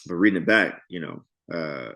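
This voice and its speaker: Low-voiced man giving casual Bible commentary. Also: lively intonation, moderate pace, creaky, sharp tone. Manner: conversational, dramatizes characters with playful asides. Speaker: Bible study teacher.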